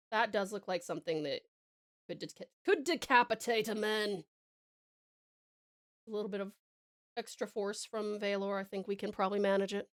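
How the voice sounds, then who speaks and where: An Australian woman from Tasmania chatting softly to viewers while she draws, affectionate and rambling with little chuckles. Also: mid-range voice, moderate pace, pauses often. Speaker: streamer. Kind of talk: casual livestream chat while drawing.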